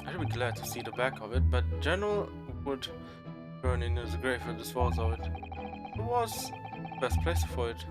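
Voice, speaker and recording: A man's voice: mid-range voice, big pitch swings, normal speed, voice pushed down, natural voice. A man voicing a pompous retired army officer, an older British man, over game music. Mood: blustering. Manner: blustering, stiff-upper-lip.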